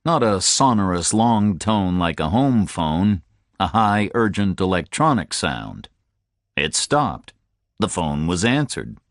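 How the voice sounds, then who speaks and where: A man's voice: low-pitched, very animated, takes it slowly, no room sound, clean studio sound. A man narrating a first-person audiobook in terse, clipped sentences.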